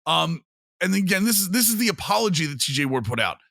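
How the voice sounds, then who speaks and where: A man co-hosting a sports podcast in casual chat, animated and laughing often as he mockingly reads out quotes. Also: high voice, quick pace, creaky, no echo, studio quality.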